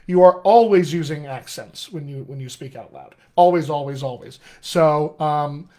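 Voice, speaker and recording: A man's voice: fairly high pitch, normal speed, a little mellow. A man from Colorado with a General American accent, slightly Colorado-tinged, coaching in an enthusiastic, encouraging and chatty way, with frequent fillers and restarts during a live-stream Q&A. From Colorado, USA. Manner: enthusiastic and encouraging, addresses listeners as friends. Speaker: dialect coach.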